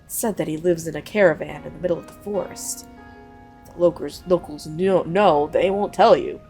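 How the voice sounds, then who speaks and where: A woman voicing an older male townsman who briskly shares town gossip. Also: low voice, mellow, faint music behind.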